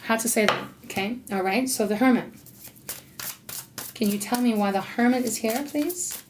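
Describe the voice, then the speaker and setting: A woman doing an intuitive tarot reading, talking in a loose, rambling way and pausing to ask her spirit guides. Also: fairly high pitch, fairly even intonation, a little hiss or hum. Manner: rambling, warm-hearted, talks to spirit guides between cards. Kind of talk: casual spoken tarot reading.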